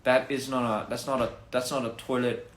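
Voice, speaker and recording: A man's voice: mid-range voice, flat delivery, brisk, roomy sound. A man chatting casually on a phone livestream, rambling through goofy wordplay and laughing at his own jokes. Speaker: livestream host.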